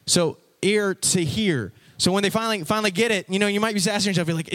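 A man preaching a casual, lively sermon from a stage before an audience, talking conversationally and acting out his listeners' reactions. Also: high voice, quick pace, hardly any pauses.

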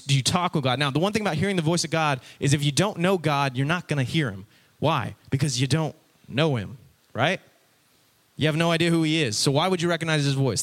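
Speaking from a stage before a crowd, a fairly high-pitched man delivers a lively, informal sermon. His tone is conversational, and he mimics the audience's reactions.

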